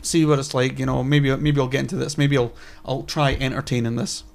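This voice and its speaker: A man's voice: mid-range voice, flat delivery, fairly quick, creaky. A young man co-hosting a podcast, ranting animatedly with lots of swearing and stammered restarts. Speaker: podcast co-host. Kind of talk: casual profane chat.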